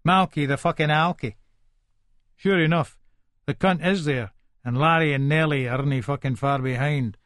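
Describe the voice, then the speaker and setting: A man performs a first-person audiobook as a volatile, violent Edinburgh hardman, paranoid and foul-mouthed, speaking in a thick Scots accent with aggression and swearing in every breath, lightly acted. His voice sits a touch high for a man, fairly bright, at a moderate pace. The recording is close and dry, with no room sound or echo.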